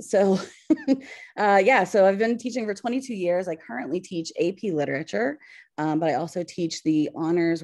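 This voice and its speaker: A woman in her forties with a Pittsburgh accent, a high school English teacher presenting on a video call, hesitant with many fillers. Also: warm tone, no room sound. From western Pennsylvania. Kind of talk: webinar presentation.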